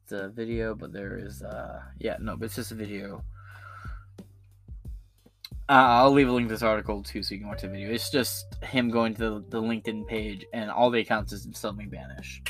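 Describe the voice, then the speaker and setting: A man hosting a casual political commentary show, ranting in a profane, animated way with many restarts. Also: on the low side, fairly quick, faint music behind.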